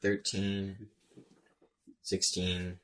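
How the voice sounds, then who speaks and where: A man's voice: deep voice, monotone, very slow, fairly bright tone, poor audio. A man playing in a tabletop game, counting up his damage rolls aloud. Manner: tallies dice totals aloud. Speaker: player.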